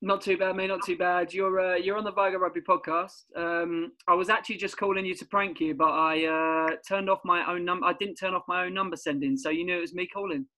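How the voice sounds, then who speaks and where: A man's voice: high voice, steady tone, a little fast, few pauses, bright, forceful tone, poor audio. A man co-hosting a podcast, chatting loosely, laughing and swearing as he plans prank calls. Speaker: podcast co-host. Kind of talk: casual podcast banter.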